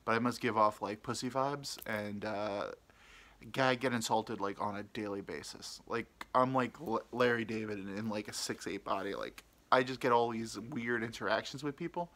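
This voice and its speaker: A man's voice: lowish voice, moderate pace, a bit bright. A young man hosting a podcast, telling a rambling, self-deprecating story in casual chat. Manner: rambling, self-deprecating, mimics people he quotes. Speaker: podcast host.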